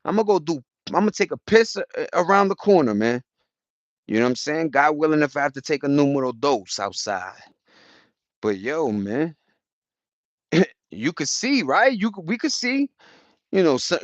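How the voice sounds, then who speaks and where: A man's voice: fairly high pitch, big pitch swings, moderate pace, pauses often, no room sound, highs cut off. A man chatting loosely with his viewers on a live stream, slangy and profane, wandering from topic to topic. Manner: loose, profane, slangy and rambling, with frequent restarts. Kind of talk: rambling casual live chat. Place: outdoors.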